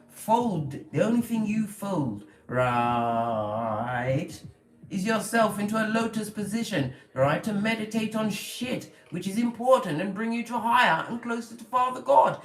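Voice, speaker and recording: Animated tarot reader, echoey room. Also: mid-range voice, measured pace. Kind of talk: spiritual tarot reading monologue.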